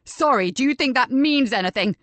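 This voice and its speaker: A bitter grown son, as a woman narrator plays him bursts out loud with a cracking, hurt voice. His outrage is raw and sharp, recorded close and dry. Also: on the low side, moderate pace, no echo. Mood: outraged.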